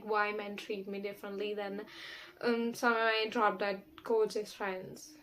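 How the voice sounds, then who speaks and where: A young woman rambles through a candid talking-to-camera vlog. Her voice sits a little high. She is sassy and blunt, swears without a second thought, and leans on fillers as she goes. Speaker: vlogger.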